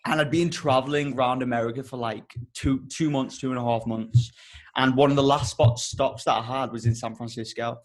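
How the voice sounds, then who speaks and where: A young man hosting a podcast and telling a rambling story in an animated, casual way, swearing often. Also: medium pitch, fairly quick. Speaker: podcast host.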